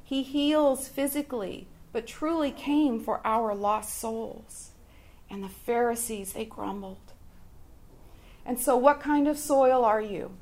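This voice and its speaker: A woman giving an earnest devotional reflection to a Bible study group, speaking deliberately with pauses between phrases. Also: a little high, a little mellow.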